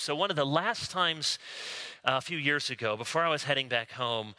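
A man with an American accent preaching a sermon, telling stories in a conversational way with dramatic pauses. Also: on the high side, expressive, pushed and bright. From United States. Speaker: pastor.

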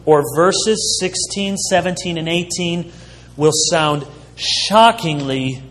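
Slow, emphatic preaching man in a reverberant hall. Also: a little high, a bit bright. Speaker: pastor. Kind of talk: sermon.

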